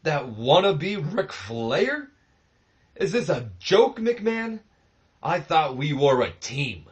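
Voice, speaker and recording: A man putting on the strained, breathless voice of a boastful old wrestler yelling in anger. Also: on the high side, big pitch swings, slow pace, pitched above the performer's own voice. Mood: indignant. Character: boastful veteran male wrestler, furious, shouting.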